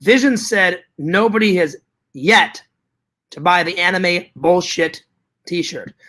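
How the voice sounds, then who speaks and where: A man's voice: high-pitched, takes it slowly, sharp tone. A man vlogging to his viewers in casual chat, hyper and rambling, with joking profanity.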